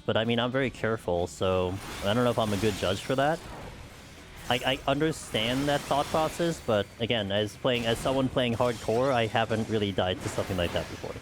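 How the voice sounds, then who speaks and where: A man's voice: medium pitch, noisy background. A man streaming a game, chatting casually with viewers in a rambling way full of "like" and "you know". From United States. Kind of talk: casual chat while playing.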